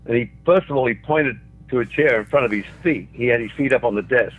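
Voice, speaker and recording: A man's voice: mid-range voice, fast. An older man from Australia, a guest telling anecdotes with chuckles along the way. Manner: chuckles through his own stories. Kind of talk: anecdotal storytelling. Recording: tinny phone line.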